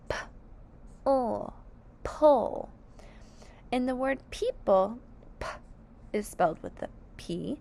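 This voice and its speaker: A woman's voice: a little high, gravelly, a little mellow. A woman teaching phonics to young children, patiently sounding out each word letter by letter.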